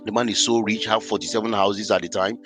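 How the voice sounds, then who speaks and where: A man, a podcast guest, telling his life story in an animated, emphatic way. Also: fairly low pitch, fast, over music. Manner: animated, emphatic, acts out scenes. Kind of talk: personal storytelling in conversation.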